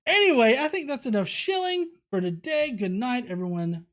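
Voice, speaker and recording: A man's voice: extremely high pitch, lively intonation, normal speed, a bit bright. A man hosting a livestream, casually reading viewer comments aloud with many fillers and restarts. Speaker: host.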